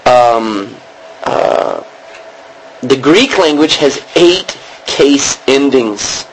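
A man's voice: medium pitch, expressive, extremely slow, low-quality recording. Male teacher, classroom lecture, rambling explanations, frequent "okay?" check-ins, faint background hiss. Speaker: Greek teacher.

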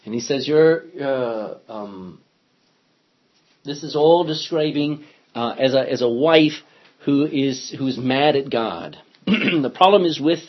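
A man's voice: medium pitch, lively intonation, slow pace. A man, a pastor, teaching an interactive Bible study, reading scripture aloud and asking the class questions. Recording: dull lo-fi recording.

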